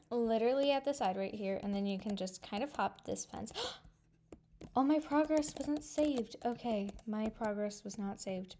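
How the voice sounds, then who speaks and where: A woman hosting a gaming video, gushing and excitable with frequent gasps, thanking her viewers warmly. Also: fairly high pitch, a little hiss or hum. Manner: sentimental thank-yous to viewers. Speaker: gaming channel host. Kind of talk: casual gameplay commentary.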